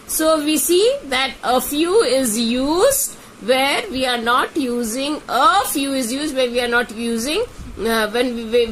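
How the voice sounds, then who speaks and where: A woman teaching an English grammar lesson, patiently repeating example sentences and checking in with "okay?". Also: high voice. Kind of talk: slow explanatory grammar lesson.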